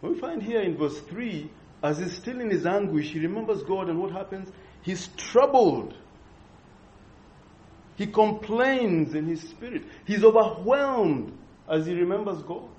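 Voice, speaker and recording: A man preaching an expository sermon, earnest and measured, pausing and restarting as he thinks. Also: high-pitched, expressive, darkish tone. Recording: dull lo-fi recording.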